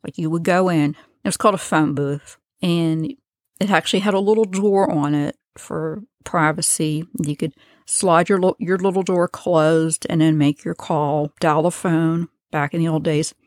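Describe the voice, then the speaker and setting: American woman, low voice, casual podcast storyteller, chatty asides, dry close mic. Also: steady tone, moderate pace, no room sound. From United States. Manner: chatty, conversational, with asides and filler words. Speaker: true crime podcast host.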